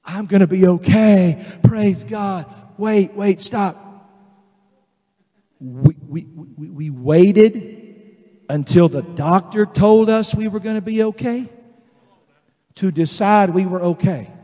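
High-voiced man preaching in a reverberant hall. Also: slow, pauses often. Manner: animated, acts out quoted voices, builds to emphatic declarations. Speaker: pastor. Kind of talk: sermon.

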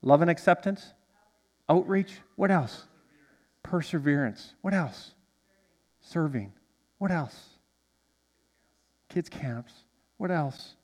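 Animated male pastor in a reverberant hall. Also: a little high, takes it slowly, long pauses. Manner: animated, with congregation call-and-response. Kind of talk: sermon. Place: church sanctuary.

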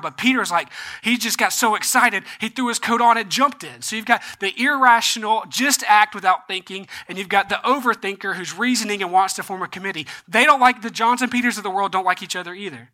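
A man's voice: sits high, sharp tone. A man preaching a sermon as a pastor, in a conversational way that often checks in with his listeners.

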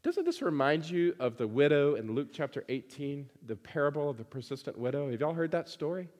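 A man's voice: on the high side, very animated, brisk, a little mellow, big-room sound. A man preaching a sermon to his congregation, emphatic and fond of repeating phrases for stress.

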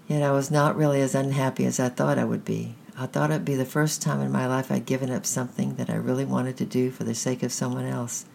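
A storyteller reading a children's story aloud at a measured, gentle pace. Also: medium pitch, little pitch movement, creaky, slight background noise.

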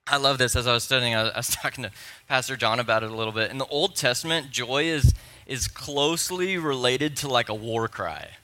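Brief: male pastor preaching in church, bright tone, playful, geeky, excitable. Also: medium pitch, fairly quick. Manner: playful, excitable, self-deprecating, nerdy enthusiasm. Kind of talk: sermon. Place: church sanctuary.

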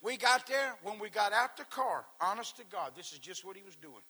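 A man preaching a sermon, moving between shouted, fervent exhortation and laid-back, joking storytelling. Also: sits high, lively intonation, fairly quick, slightly rough.

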